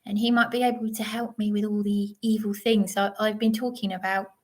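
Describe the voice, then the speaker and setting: A woman's voice: medium pitch, level tone, brisk. A woman, hosting an unscripted livestream monologue, rambling and digressive with many restarts. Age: 30s. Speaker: livestream host.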